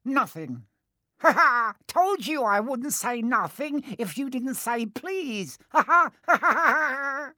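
A man doing a high sing-song taunting poltergeist. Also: sing-song, slow pace, bright, forceful tone, no room sound, studio quality, exaggerated voice.

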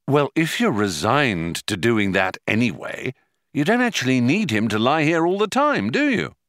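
A man's voice: medium pitch, very animated, normal speed, fairly bright tone, no echo, clean studio sound, pitched above the performer's own voice. A man voicing a sly, clever schemer who talks others round with patient, coaxing persuasion in a storybook reading. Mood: persuasive.

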